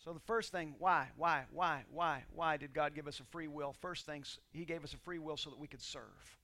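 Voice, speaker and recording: A male pastor preaching a sermon, moving from quiet scripture reading to loud, shouted exhortation and leading the congregation in call-and-response. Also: a little high, normal speed.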